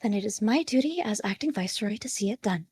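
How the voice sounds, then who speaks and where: A woman's voice: mid-range voice, expressive, fast talker, darkish tone, a little hiss or hum, natural voice. A woman voicing a small, proud acting viceroy from a tabletop game, speaking in a lofty, formal, mock-haughty way.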